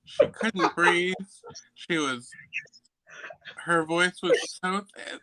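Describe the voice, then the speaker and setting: Bright-toned playful man co-host. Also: sits high, extremely slow, pauses often, dry recording, rough recording. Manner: playful, animated teasing. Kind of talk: casual chat.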